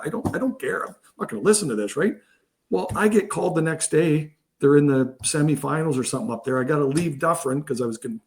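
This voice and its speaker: A middle-aged man, co-hosting a casual sports podcast and telling umpiring stories in an animated way, often restarting his sentences. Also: mid-range voice. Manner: animated storyteller, many restarts. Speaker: podcast co-host, baseball umpire. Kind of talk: casual storytelling chat.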